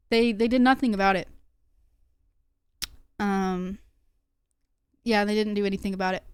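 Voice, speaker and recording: A woman's voice: on the high side, clean tone, dry recording. A young woman streamer talking casually to her chat, rambling with lots of fillers and restarts. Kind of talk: casual livestream talk to chat.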